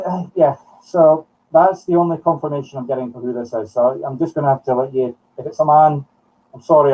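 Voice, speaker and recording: A Scottish man working as a medium on a live broadcast, talking in halting short phrases as he thinks aloud. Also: on the high side, distant mic. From Scotland. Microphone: streaming from home. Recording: muffled sound from off the mic.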